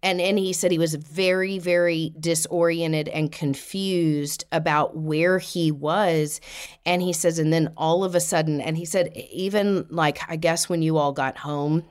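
A woman giving a psychic reading, talking quickly and acting out the spirit's words in sudden high shouts. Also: fairly even intonation, smooth. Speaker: psychic medium.

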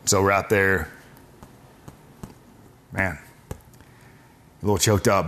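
A man in his forties tells a personal story in conversation, earnest and halting, with frequent restarts. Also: deep voice, steady tone, a bit bright. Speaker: guest telling his faith story.

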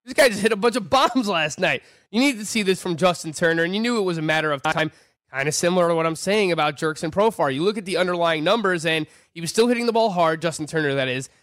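A man with a fairly high voice talks through numbers in a casual podcast chat. He sounds animated and ready to argue his point. The sound is dry and close, with no room around it. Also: quick pace, no room sound. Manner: animated, argumentative, stat-heavy. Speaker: fantasy baseball podcast co-host. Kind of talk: casual sports analysis chat.

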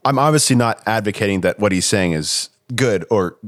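A man's voice: on the low side, animated, normal speed, a bit bright, no echo, studio quality. A young man in a casual chat who questions things hesitantly, with stumbling restarts.

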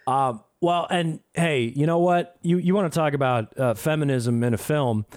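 A man hosting a casual podcast, giving a sarcastic, profane and animated movie review. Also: a little high, moderate pace.

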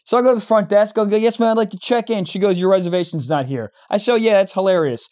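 A young man co-hosting a podcast, telling a story in casual chat, animated and profane, acting out the dialogue. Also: high voice, fast talker. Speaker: podcast co-host.

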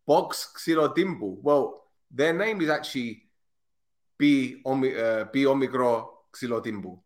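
A man co-hosting a casual football podcast over a remote call, easily amused and quick to break into big laughs. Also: mid-range voice. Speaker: podcast co-host.

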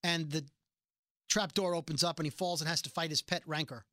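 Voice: medium pitch, fairly quick, no room sound, clean studio sound. A podcast host recapping a TV episode in casual chat, acting out the characters' lines as they go. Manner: animated retelling, acts out quoted lines.

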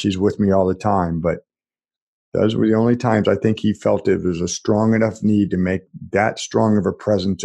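A middle-aged man, a podcast guest, speaking earnestly and haltingly about personal loss. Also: sits low, a little mellow, slightly rough. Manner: earnest, halting with repeated starts. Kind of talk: reflective conversation.

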